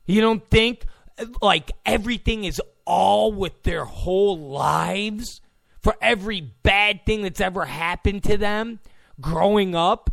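A man's voice: high voice, takes it slowly, vocal fry, fairly bright tone, no echo. Profane ranting male podcast host. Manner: profane, combative, mocking. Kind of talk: ranting monologue.

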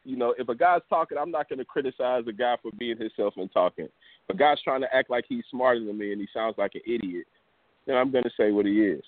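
A man's voice: mid-range voice, quick pace, no echo. A man from the US Gulf Coast co-hosting a boxing talk show, blunt and opinionated. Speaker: co-host. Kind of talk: casual sports talk. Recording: dry, tinny phone-like audio.

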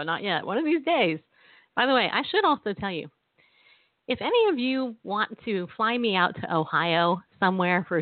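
A woman's voice: medium pitch, dry recording. A woman in her late forties hosts her show with bubbly, giggly chatter. Her voice comes through a thin, phone-like channel. The sound is dry and close, with no room around it. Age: 40s. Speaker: radio show host. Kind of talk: casual chat. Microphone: phone or webcam on a live stream.

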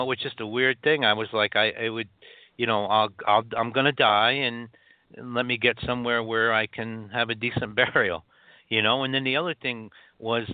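Halting man on a tinny phone line. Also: medium pitch, dry recording. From upstate New York. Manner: halting, many restarts and fillers. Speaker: guest author. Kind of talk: telling a personal story on a phone interview.

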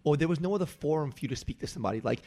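Guy hosting a podcast, talks quick, fires off questions one after another. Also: a little high, expressive, warm tone. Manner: asks rapid follow-up questions. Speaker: podcast host. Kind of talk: interview questions.

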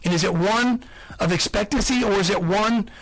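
A man hosts a sales podcast, delivering earnest motivational talk and repeating his key points for emphasis. His voice sits high with a fairly bright tone at a moderate pace. The recording is rough.

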